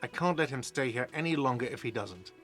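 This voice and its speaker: A man's voice: medium pitch, expressive, fairly quick, fairly bright tone, soft background music, lightly acted. An actor playing an irritable, sarcastic male hostel manager in a game, talking curtly. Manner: curt and sarcastic. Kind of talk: game voice acting.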